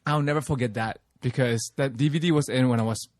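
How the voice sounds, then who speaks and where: A man with a mid-range voice chatting as a podcast co-host. He talks bluntly and swears freely, clearly keen on the topic. The recording is dry and close. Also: medium pitch, fast, no echo. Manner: blunt and profane, enthusiastic. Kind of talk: casual chat.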